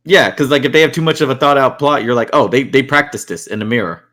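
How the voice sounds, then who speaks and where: A young man hosting a casual podcast among friends. He tells stories in an animated way, slips into quick impressions of his friends and laughs often. His pitch sits in an ordinary middle range. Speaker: podcast host. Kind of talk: casual chat.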